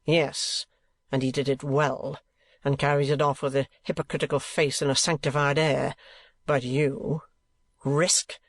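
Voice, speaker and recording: A man's voice: fairly high pitch, no echo. A man voicing a cold, scheming older moneylender who speaks curtly and presses his points with emphasis.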